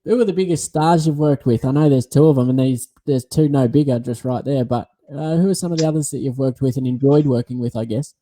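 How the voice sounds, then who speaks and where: A man's voice: medium pitch, fast, hardly any pauses, mellow. A man hosting a podcast, asking informal questions in a casual interview chat. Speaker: podcast host.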